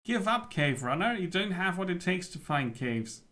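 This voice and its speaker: A man's voice: high-pitched, very animated, moderate pace, fairly bright tone, slight background noise, voice pushed up. A man voicing a scornful, haggling male capybara trader while reading game dialogue aloud. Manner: sneering, dismissive.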